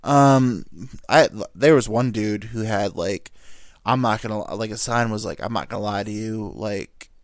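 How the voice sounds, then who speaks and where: A young man hosts a podcast, rambling through comedic stories with stammered restarts and casual swearing. His lowish voice is unhurried, recorded cleanly in a studio with no room sound.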